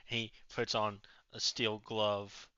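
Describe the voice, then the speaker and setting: A man narrating a tabletop game as game master, halting with many fillers. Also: lowish voice, little pitch movement, sharp tone. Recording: dull, dry lo-fi audio.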